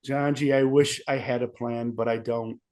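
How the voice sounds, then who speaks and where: A man's voice: mid-range voice, fairly even intonation, normal speed, a little mellow. A young man, a wrestler with sore ribs, rambling and self-pitying in a casual interview. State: sore ribs, wincing in pain.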